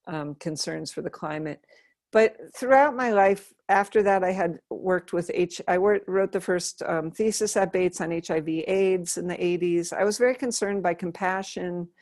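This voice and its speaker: A middle-aged woman with a fairly low voice recalls her life in an unhurried, earnest way. She often restarts a thought mid-sentence. The sound is close and dry. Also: creaky, a little mellow, dry recording. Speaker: interviewee. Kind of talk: reflective personal storytelling.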